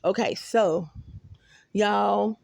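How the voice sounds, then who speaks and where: Texan woman, casual phone vlogger, animated and chatty, gravelly edge, dry close sound. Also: medium pitch, very slow, no room sound. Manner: animated, excitable, talks to viewers as y'all. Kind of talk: rambling casual vlog. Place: apartment and stairwell, indoors. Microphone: phone camera held close.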